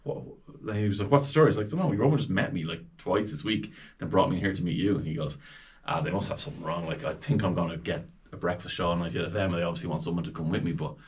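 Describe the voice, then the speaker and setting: Rapid-fire and low-voiced, a forties-aged Irishman shares stories during a relaxed conversation where he is the guest, animating quoted people with distinct voices.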